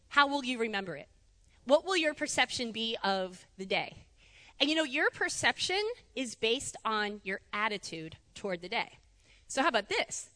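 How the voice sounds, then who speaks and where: Bright, high-voiced woman preaching. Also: big-room sound. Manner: animated, chatty, laughs often. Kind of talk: conversational sermon. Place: church sanctuary.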